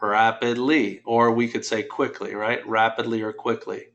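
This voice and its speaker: A man's voice: on the low side, flat delivery, normal speed, fairly bright tone, dull audio. A man teaching a Spanish class, patiently explaining grammar step by step and quizzing his students.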